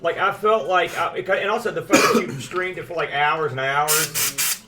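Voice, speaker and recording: A man's voice: a little high, moderate pace, recorded from a distance, loud music behind the voice. A man co-hosting a live stream, chatting casually and enthusiastically with frequent restarts. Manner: rambling, enthusiastic, many restarts. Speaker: podcast co-host. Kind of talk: casual chat.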